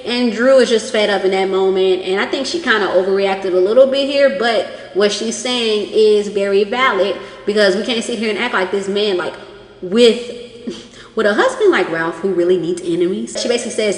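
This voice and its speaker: A woman's voice: medium pitch, moderate pace. A woman giving a casual, chatty recap of a reality show, acting out quotes as she goes. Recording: echoey room with long reverb.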